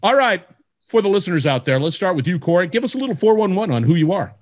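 A man hosting a podcast interview, playful and jokey in an upbeat, animated way. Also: high voice, fast. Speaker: podcast host.

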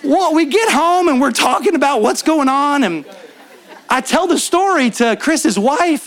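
A man preaching at a church conference, telling a story in an animated way and acting out what his friends said. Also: very high voice, measured pace, some chatter behind. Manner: animated, acts out friends' lines. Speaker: guest preacher. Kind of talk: storytelling sermon. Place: church in front of a congregation.

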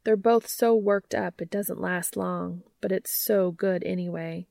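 A woman reading fan fiction aloud in a soft, even storytelling voice. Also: on the low side, a little slow, gravelly.

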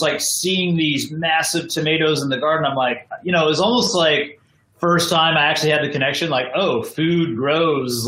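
An American man tells stories in a loose, rambling way, tossing in "like" and "you know" all the time. His voice is bright and sharp. He is calling in remotely, and the room sounds echoey. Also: fairly high pitch, a little hiss or hum. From United States. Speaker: podcast guest. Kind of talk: casual storytelling. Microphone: video call from home.

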